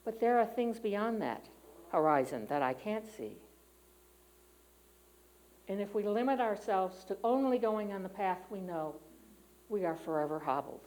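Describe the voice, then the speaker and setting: A middle-aged woman speaks in a church sanctuary, delivering a conversational sermon that is candid and personal, with frequent fillers and restarts. Her medium-pitched, darkish voice is animated and measured, pausing often, on a rough recording.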